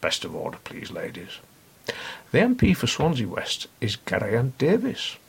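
A man's voice: mid-range voice, wildly swooping pitch, normal speed, creaky, slightly rough. A middle-aged man hosting a podcast, reading a scripted satirical review in a dry, sardonic, mock-pompous manner. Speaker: podcast host.

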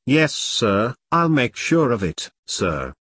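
A man reading a male butler in a low, quiet, deferential voice. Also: big pitch swings, slow, breathy edge, no room sound, exaggerated voice.

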